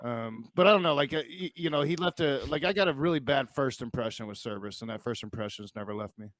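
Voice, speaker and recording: A man's voice: mid-range voice, fast talker, a bit bright, no room sound. A man on a panel stream, talking casually with many hesitations and restarts. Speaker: panel guest.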